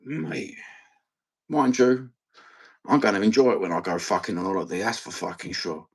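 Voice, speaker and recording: A man's voice: sits low, brisk, husky. A middle-aged man with an East London accent, hosting a rambling live stream, talking in sweary, blokey banter.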